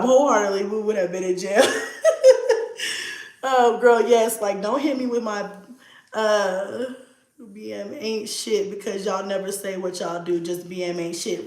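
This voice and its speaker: A woman, telling a story in casual chat, animated and profane, laughing often. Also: mid-range voice, measured pace. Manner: animated, profane, laughs often, acts out her own past lines loudly. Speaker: vlogger answering viewer questions. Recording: echoey room.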